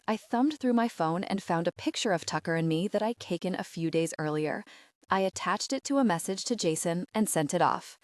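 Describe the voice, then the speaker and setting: A woman narrating a first-person romance audiobook in a steady, even voice, read close to the mic. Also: fairly low pitch, fairly quick, no room sound.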